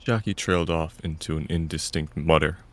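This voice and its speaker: A man's voice: rumbling low, fairly even intonation, a little fast, fairly bright tone. A man reading a visual novel aloud in first person, narrating and voicing the stern lead. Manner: stern and lecturing in dialogue.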